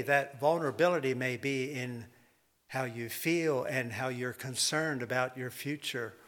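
A man's voice: mid-range voice, fairly bright tone. An older man preaching a sermon in a rambling, folksy storytelling way, with self-deprecating humor.

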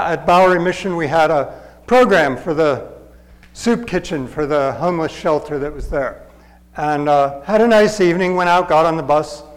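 A man preaching a storytelling sermon in a conversational, halting way. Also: on the high side, long reverb tail, low-quality recording. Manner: conversational, halting, with fillers and restarts.

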